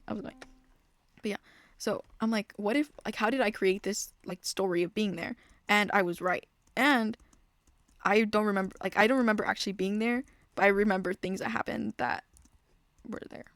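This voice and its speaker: A woman's voice: medium pitch, brisk, no room sound. A young woman telling rambling stories while playing a game, often interrupting herself and trailing off into muttered asides. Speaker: gaming vlogger.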